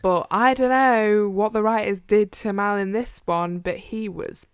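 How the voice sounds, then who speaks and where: A woman co-hosting a podcast in casual chat, animated and emphatic with quick restarts and mock outrage. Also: mid-range voice, clear, resonant tone, no room sound, clean studio sound. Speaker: podcast co-host.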